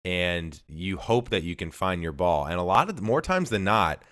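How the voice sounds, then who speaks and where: A man with a very deep voice hosts the show, asking his guest earnest, reflective questions. His voice sits close and dry, with no room sound behind it. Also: big pitch swings, moderate pace, fairly bright tone, dry recording. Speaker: podcast host. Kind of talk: interview questions.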